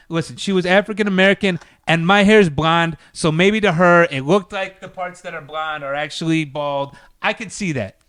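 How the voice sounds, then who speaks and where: A man who works as a DJ, telling a story as a podcast guest in a casual, profane, animated way. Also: high-pitched, fairly quick, few pauses, clear, resonant tone, no room sound, studio quality.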